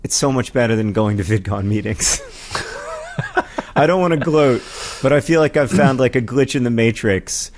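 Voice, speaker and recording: A man's voice: medium pitch, moderate pace, darkish tone. A man in his forties co-hosting a casual comedic chat, rambling with lots of ums and restarts. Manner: rambling, self-deprecating, many ums and restarts. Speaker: podcast co-host. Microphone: studio mic with headphones.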